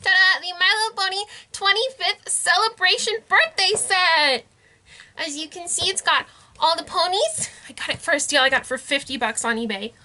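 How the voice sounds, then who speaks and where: A woman's voice: very high-pitched, expressive, moderate pace, bright, forceful tone. A young woman in a casual haul vlog, bubbly and giggly, gushing over toys she found. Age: young adult. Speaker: vlogger.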